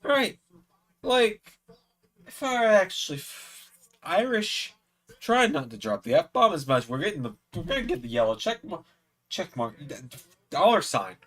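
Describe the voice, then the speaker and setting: A man's voice: sits high, expressive, measured pace, creaky, fairly bright tone. A tipsy man hosting a live watch-along stream, rambling and swearing a lot as he comments. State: tipsy from drinking. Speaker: stream host.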